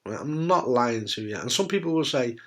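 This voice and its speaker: A man's voice: medium pitch, animated, fairly quick, fairly bright tone. Man, middle-aged, from the UK, blunt, jokey, casual, frequent restarts. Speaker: testicular cancer survivor giving advice. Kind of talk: candid casual talk to camera.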